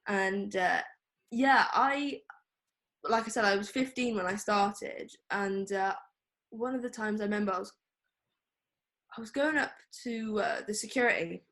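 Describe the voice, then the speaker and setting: A woman's voice: mid-range voice, unhurried, a bit bright. A young woman, a photographer speaking as a guest in a casual interview, chatty and full of fillers. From England. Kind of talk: casual interview over a call.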